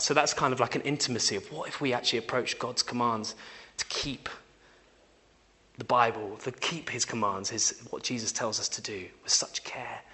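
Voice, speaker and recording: A young man giving an informal sermon in a conversational way, often checking in with listeners by asking "yeah?" and swinging between loud emphasis and quiet asides. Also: mid-range voice. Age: young adult. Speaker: preacher.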